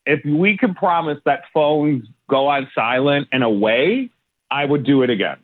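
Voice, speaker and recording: Animated man on a tinny phone line. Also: on the high side, measured pace, a crowd in the background. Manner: animated storytelling, exasperated. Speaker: caller. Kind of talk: radio call-in chat.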